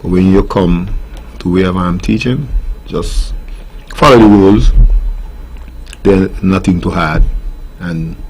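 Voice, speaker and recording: A man's voice: low-pitched, unhurried, long pauses, a little mellow, slightly rough. A middle-aged man with a Nevisian Caribbean accent, a steel pan tutor talking earnestly in a radio interview and turning firm over his rules. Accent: Nevisian Caribbean English. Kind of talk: casual interview answers. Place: radio studio.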